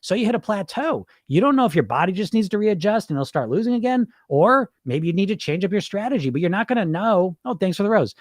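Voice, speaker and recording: Blunt, swearing middle-aged man, lively pitch. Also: fast, few pauses, dry recording, clean studio sound. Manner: blunt and profane, animated; laughs often, repeats words. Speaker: weight-loss coach and podcast host. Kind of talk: unscripted livestream monologue.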